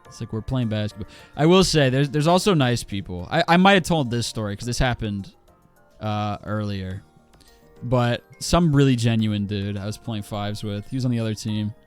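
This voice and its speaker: A man's voice: fairly low pitch, moderate pace, clean tone, faint music behind. A man in his twenties ranting casually on a livestream while he plays a game, swearing a lot and full of fillers and restarts. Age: 20s.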